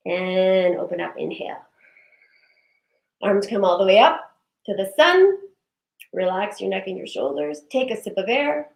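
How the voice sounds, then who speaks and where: Woman leading breathwork, slow and soothing, echoey room. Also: medium pitch, gravelly. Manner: slow, soothing guided cues with affirmations. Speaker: breathwork and wellness instructor. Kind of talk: guided breathing and movement session.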